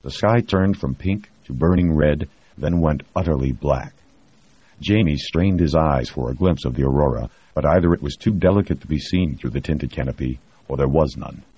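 A man reading a novel aloud in a steady, measured scripted narration. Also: very deep voice, breathy edge. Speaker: audiobook narrator. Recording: dry, dull lo-fi recording.

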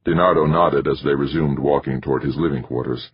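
Deep, husky male audiobook narrator. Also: steady tone, brisk, muffled recording. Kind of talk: scripted narration.

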